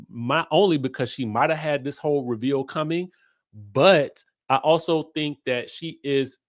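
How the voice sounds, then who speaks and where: A man with runs a casual pop culture commentary. His pitch swings widely as he teases and riffs, and his unhurried delivery sits close and dry on the mic. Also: dry recording. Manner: animated, playful, sassy asides to viewers. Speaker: host.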